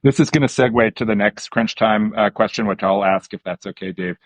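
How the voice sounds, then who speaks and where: A man's voice: on the low side, fairly quick, no room sound. A man co-hosting a podcast, telling anecdotes conversationally, with fillers. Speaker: podcast co-host. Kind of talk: casual podcast chat.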